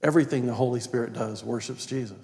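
A man preaching a sermon as pastor, reading scripture aloud and stressing key words, sometimes dropping to a quiet, prayerful tone. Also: mid-range voice, quick pace, vocal fry. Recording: long reverb of a large hall.

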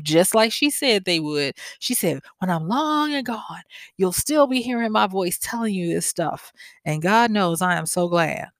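A woman with a Southern accent hosting her own podcast, telling stories in a chatty, animated way with laughing asides. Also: medium pitch, dry recording. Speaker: podcast host. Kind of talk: reflective solo podcast talk.

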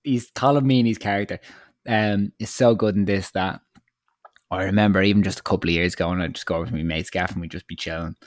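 A man's voice: deep voice, quick pace, no room sound, studio quality. A young Irish man chatting casually as a podcast co-host, telling stories with lots of swearing and laughter. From Ireland. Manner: animated, swearing, laughing storyteller. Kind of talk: casual chat.

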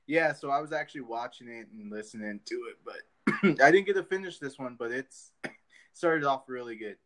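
A man's voice: medium pitch, normal speed, fairly bright tone. Man, podcast host, casual rambling chat, swears freely, middle voice. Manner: rambling, loose, with lots of fillers and swearing.

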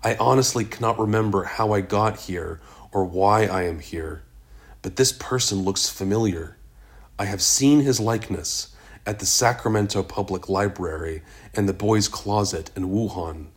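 A man narrating a first-person story in a measured, even reading. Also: fairly low pitch. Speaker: audiobook narrator.

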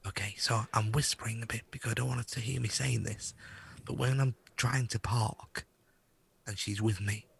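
A man's voice: medium pitch, fairly even intonation, moderate pace, creaky, fairly bright tone, husky, no echo. A man co-hosting a casual podcast, chatting and grumbling jokingly about everyday annoyances. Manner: chatty storyteller, grumbling jokes. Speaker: podcast co-host. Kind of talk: casual banter.

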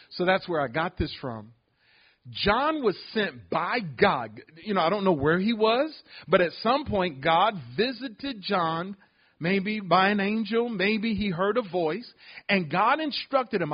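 High-voiced husky pastor preaching. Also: male voice, expressive, takes it slowly, muffled recording. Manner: preaching with call-outs to the congregation. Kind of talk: sermon.

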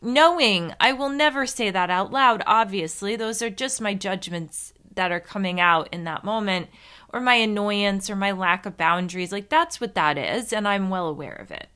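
A woman's voice: medium pitch, normal speed, bright, forceful tone. A woman hosting a podcast on her own, chatting casually in a rambling, self-mocking way with some swearing. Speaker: podcast host. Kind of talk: casual solo podcast chat.

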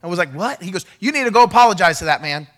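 Animated high-voiced male pastor preaching. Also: racing. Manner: animated preaching, acts out quoted dialogue, rising to shouts. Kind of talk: sermon.

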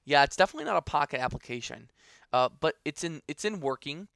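A man's voice: fairly high pitch, expressive, fast talker, gravelly, a bit bright, no room sound, clean studio sound. A man co-hosting a casual podcast, presenting news stories with enthusiasm and plenty of filler words. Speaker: podcast co-host.

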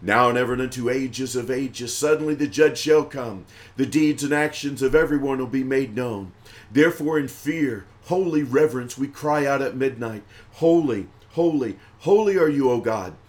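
A man's voice: mid-range voice, moderate pace. A man from the American South with a Southern accent, leading liturgical prayers for a live stream in a chanting, intoning voice. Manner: intoning prayers in a raised chanting voice, chatty and laughing between.

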